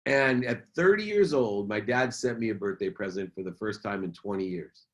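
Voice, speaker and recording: A man's voice: fairly low pitch, animated, normal speed, fairly bright tone. A middle-aged man, a businessman and motivational speaker, telling a personal story as a podcast guest in an earnest, emphatic way, repeating key phrases.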